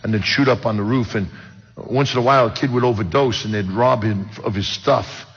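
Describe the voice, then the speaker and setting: Husky older New preacher. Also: male voice, fairly low pitch, fairly quick. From Brooklyn, New York. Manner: storytelling, joking with the audience. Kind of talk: personal testimony sermon. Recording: dull sound with long hall reverb.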